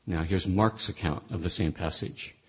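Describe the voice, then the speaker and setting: A man's voice: deep voice, normal speed, breathy edge. A man teaching through Bible passages, reading scripture aloud and then explaining it, with frequent restarts.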